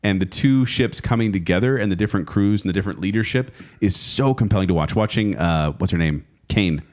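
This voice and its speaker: A man's voice: on the low side, a little fast, darkish tone. A man co-hosting a casual chat, talking at length and explaining, with plenty of "like". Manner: chatty, full of "like" and restarts, explaining shows. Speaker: podcast co-host.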